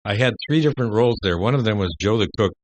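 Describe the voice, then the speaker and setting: An older man, a guest on a radio interview, telling rambling stories full of pauses. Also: on the low side, lively intonation, no echo. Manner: rambling anecdotes with many "uh" pauses. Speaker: guest entertainer.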